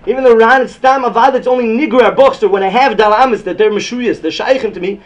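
A man giving an excited Talmud lecture. He repeats phrases often and mixes Yiddish and Hebrew terms into his English. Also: extremely high pitch, fast. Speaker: Talmud teacher.

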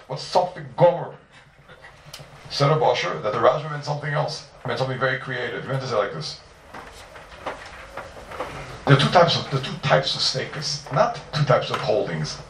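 A man's voice: mid-range voice, creaky, a bit bright, slight background noise. A man giving a sing-song Talmud class, stressing key words as he explains. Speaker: Talmud teacher. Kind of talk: yeshiva-style Talmud lecture. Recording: roomy, from far off.

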